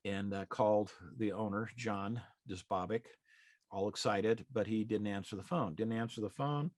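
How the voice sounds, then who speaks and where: A man's voice: on the low side, moderate pace, no echo, studio quality. A middle-aged man, a real estate exam prep instructor, telling an anecdote in a folksy, conversational way and acting out the dialogue. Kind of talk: anecdotal storytelling in a live class.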